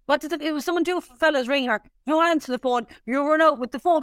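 A young Irish woman telling an animated story on a podcast, swearing freely as she talks. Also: high voice, fast talker, no echo, clean studio sound. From Ireland. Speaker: podcast co-host. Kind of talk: casual chat.

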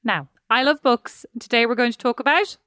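A woman's voice: on the high side, a little fast, a bit bright, dry recording, clean studio sound. An Irish woman co-hosting a podcast with her sister, chatting casually and laughing easily. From Ireland. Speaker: podcast co-host. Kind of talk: casual chat.

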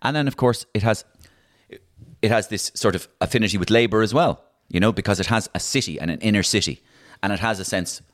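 Middle-aged Irish male impressionist, low voice, animated and chatty interview guest. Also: brisk. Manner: animated, storytelling, many restarts. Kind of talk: casual interview chat.

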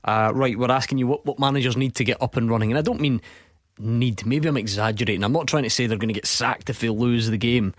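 Jokey radio host. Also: male voice, mid-range voice, quick pace, hardly any pauses, dry recording, clean studio sound. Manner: jokey, laughs easily. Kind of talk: casual sports radio chat.

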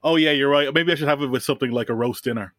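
A man's voice: mid-range voice, very fast, background noise. A young man co-hosting a podcast, playfully defending himself in casual banter. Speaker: podcast co-host.

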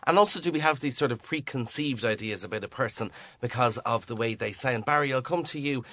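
A man's voice: medium pitch, fairly quick, bright, forceful tone, dry recording. A man hosting a radio panel, steering the talk with pointed questions. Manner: leads the discussion with pointed questions. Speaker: radio host.

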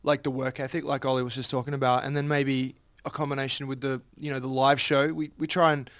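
A man's voice: mid-range voice, level tone, fast, fairly bright tone, no room sound. A man in a band chatting upbeat in an interview, laughing often. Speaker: band member. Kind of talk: casual interview chat.

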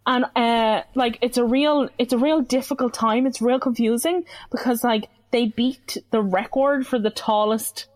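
A woman's voice: fairly high pitch, a little slow, hardly any pauses. A young woman telling a story in casual chat, acting out what others said. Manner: animated storytelling, acts out quoted voices.

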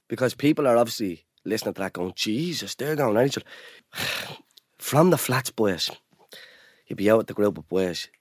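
A man's voice: medium pitch, no echo, studio quality. A young Irish man co-hosting a podcast, telling rambling stories in casual banter, laughing often and calling his friends "boys". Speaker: podcast co-host.

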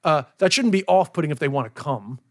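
A man, around his forties, a comedian chatting on a podcast, telling stories in an animated way, acting out dialogue and swearing often. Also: fairly high pitch, a little fast. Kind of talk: casual podcast interview.

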